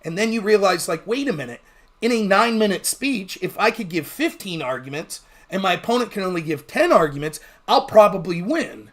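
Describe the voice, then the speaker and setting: High-voiced guy ranting on his livestream, talks fast, swears a lot. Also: big pitch swings. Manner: fast-talking, blunt and profane. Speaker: livestream host. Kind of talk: casual livestream commentary.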